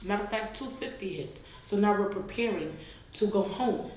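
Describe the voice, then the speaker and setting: A woman's voice: medium pitch, normal speed, very noisy. Woman telling a story in an echoey room. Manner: animated, slangy storytelling addressing viewers. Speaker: vlogger. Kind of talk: storytime vlog.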